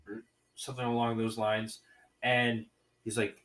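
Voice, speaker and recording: A man's voice: mid-range voice, level tone, moderate pace, fairly bright tone, echoey room, recorded from a distance, rough recording. A man casually retelling a movie plot on a podcast, rambling with many restarts. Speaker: podcast co-host reviewing movies.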